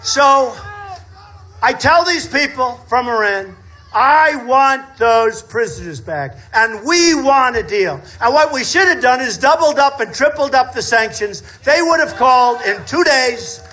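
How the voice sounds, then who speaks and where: A man in his sixties giving a campaign rally speech outdoors, boastful and repetitive, often shouting. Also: very high voice, lively intonation, measured pace, slight background noise. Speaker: political candidate. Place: outdoor state fair rally.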